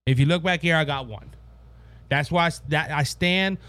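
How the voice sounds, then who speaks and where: A man delivers a political commentary monologue in a fairly high voice, blunt and repetitive, forever addressing "ladies and gentlemen." He trips and restarts as he reads news copy aloud. The recording is dry and close, with no room sound. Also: normal speed, no echo. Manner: stumbling restarts while reading news aloud. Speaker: podcast host.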